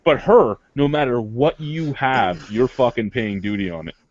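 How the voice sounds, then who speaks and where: A man, swearing freely as he tells an animated anecdote in casual chat. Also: medium pitch, moderate pace. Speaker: beer reviewer. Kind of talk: casual storytelling. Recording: dry, slightly muffled recording.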